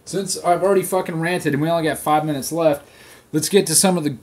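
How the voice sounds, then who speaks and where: A man who just turned thirty, hosting a solo rant podcast, swearing constantly and getting loud and heated as he vents. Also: fairly high pitch, fairly even intonation, fast. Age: 30s. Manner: profane, venting, gets loud and heated when angry. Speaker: podcast host.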